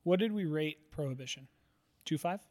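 A joking storyteller, a man co-hosting with a slightly high voice. He spins jokes and stories and laughs often. A long hall reverb surrounds him. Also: moderate pace, a little mellow. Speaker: podcast co-host. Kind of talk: casual chat.

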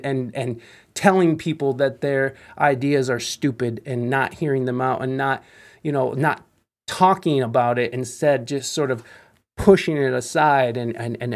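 A man's voice: medium pitch, dry recording. A man hosting a podcast, talking casually with lots of swearing and restarts. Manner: swears freely, rambling with many restarts. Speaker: podcast host.

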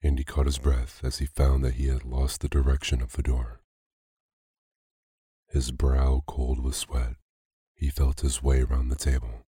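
Male storyteller for a sleep story: very deep, dark, husky, calm even delivery. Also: dry recording, clean studio sound. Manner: slow, calm, even reading. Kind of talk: bedtime story narration for sleep.

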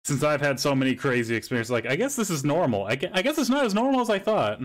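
A man's voice: fairly high pitch, very animated, quick pace. A young man hosting a podcast, telling rambling stories in casual chat and swearing freely. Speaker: podcast host.

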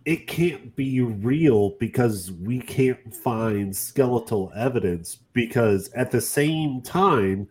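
A man's voice: mid-range voice, animated, slow pace, hardly any pauses, darkish tone, slight background noise. A man co-hosting a podcast in casual chat, rambling and self-deprecating. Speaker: podcast co-host.

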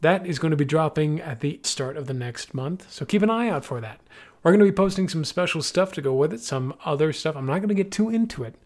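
A man's voice: on the high side, lively intonation, quick pace. A man running an improvised tabletop game as game master, narrating with playful energy.

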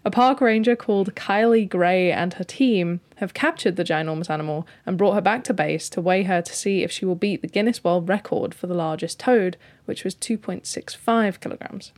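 A woman co-hosting a casual podcast, sharing news with a teasing, deadpan humor. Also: on the low side, moderate pace, few pauses. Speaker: podcast co-host. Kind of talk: casual chat, reading news.

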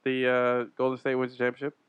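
A man's voice: mid-range voice, monotone, fast talker, clean tone, no room sound, dull audio. A young man co-hosting a sports podcast, chatting casually and laughing as he leads the segments. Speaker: podcast co-host.

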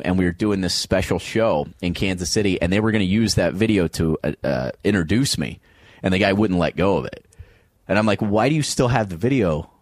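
Animated male comedian telling a story. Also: sits low, dry recording. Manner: animated, acts out voices in stories. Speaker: comedian guest. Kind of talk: storytelling interview.

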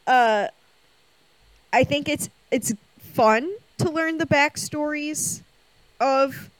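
Woman co-host, higher voice, sassy and lively in casual chat. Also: drawn-out words, dry recording, low-quality recording. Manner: sassy, animated storytelling. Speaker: podcast co-host.

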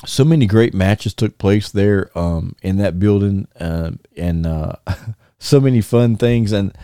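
A man's voice: lowish voice, takes it slowly, clean tone, dry recording, studio quality. A man casually telling old wrestling stories, laughing often and restarting his sentences. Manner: animated, laughing, many restarts and fillers. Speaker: former wrestler, podcast guest. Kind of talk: casual storytelling chat.

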